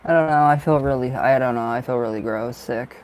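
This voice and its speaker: A man's voice: medium pitch, fairly quick, smooth. A man chatting casually with viewers while reading cards. He sounds tired and drowsy, talks loosely, laughs often and trails off.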